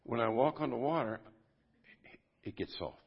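Husky-voiced man preaching, dull lo-fi audio. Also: mid-range voice, normal speed. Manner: conversational, swinging from loud bursts to quiet asides. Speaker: pastor. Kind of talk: informal sermon to a men's group. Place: church service.

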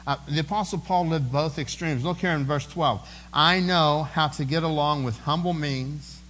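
A man's voice: a little high, normal speed, fairly bright tone, poor audio. A man preaching a sermon in an earnest, conversational way, often repeating words as he goes. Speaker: pastor.

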